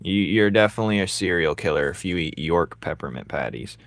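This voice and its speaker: A man's voice: low-pitched, animated, brisk, a bit bright, no echo, studio quality. Joking young man streaming while drawing. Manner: joking, teasing, laughs often. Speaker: streamer drawing live and reading chat. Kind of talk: casual livestream chat while drawing.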